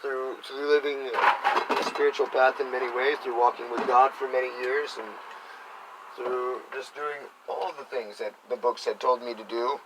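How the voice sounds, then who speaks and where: A man giving an unhurried, earnest spiritual talk, full of fillers and soft asides. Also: mid-range voice, fairly even intonation, background noise. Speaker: spiritual teacher.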